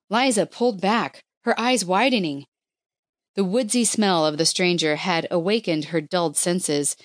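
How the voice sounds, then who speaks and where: A woman reads a novel aloud in a measured, expressive way. Her voice is lower than most and very unhurried. The recording is dry with no room sound. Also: dry recording. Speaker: audiobook narrator. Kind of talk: scripted narration of a historical romance.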